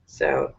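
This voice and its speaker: A woman's voice: medium pitch, husky. A woman hosting a casual live stream, giggling often and chatting with viewers through fillers and restarts. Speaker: live stream host reading viewer comments. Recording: slightly dull lo-fi stream audio.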